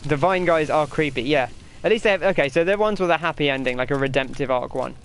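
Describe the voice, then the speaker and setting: Fast-talking and fairly high-pitched, a young man from England streams a game, chatting aimlessly and reading out messages from his viewers. There's slight background noise.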